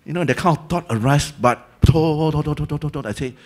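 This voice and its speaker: In a slow voice on the high side, a man with a Singaporean English accent gives a Dhamma talk as a Buddhist teacher. His storytelling is lively and colloquial, as he acts out the people involved and slips in Malay and Hokkien words.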